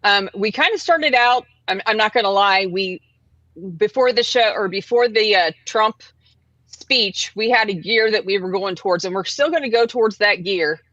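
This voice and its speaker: A woman's voice: mid-range voice, normal speed, fairly bright tone, no room sound. A woman hosts a casual livestream show. She is chatty, laughs easily and fills her talk with ums and uhs. The sound is dry and a bit dull, like a lo-fi home setup. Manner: chatty, laughing often, many fillers. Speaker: host.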